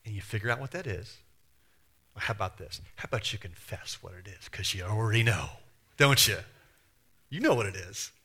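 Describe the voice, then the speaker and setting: A man's voice: lowish voice, animated, fairly quick, sharp tone, husky. A man pastor preaching a sermon in a conversational way, full of rhetorical questions and acted-out quotes.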